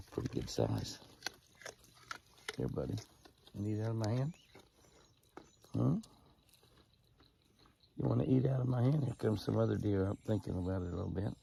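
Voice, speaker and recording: A man's voice: on the low side, expressive, normal speed, vocal fry, long pauses, mellow, a little hiss or hum. A man narrating casually outdoors while feeding deer, folksy and coaxing them closer in a sing-song call. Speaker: ranch owner and show host.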